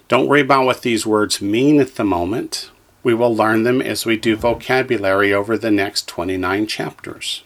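A man's voice: lowish voice, moderate pace, fairly bright tone. A man teaching a language lesson, carefully enunciating syllables for the listener to repeat and explaining each exercise. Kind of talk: slow drill-style lesson reading.

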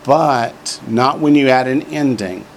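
In this classroom lesson, a medium-pitched man drills Hebrew word forms in a slow, stretched-out way for his students to echo. He tosses in jokes as he goes, and there's slight background noise.

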